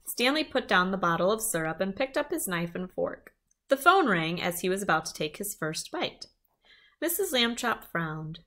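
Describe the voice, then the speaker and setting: Lively woman reading a children's book. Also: lowish voice. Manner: lively storytelling, small asides. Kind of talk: reading a chapter book aloud.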